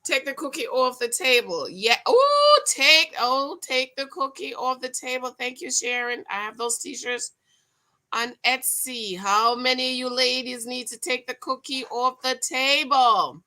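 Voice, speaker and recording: A woman's voice: high-pitched, steady tone, measured pace, bright, forceful tone. A middle-aged woman hosting a casual livestream, reading viewer comments and laughing as she talks straight to her viewers.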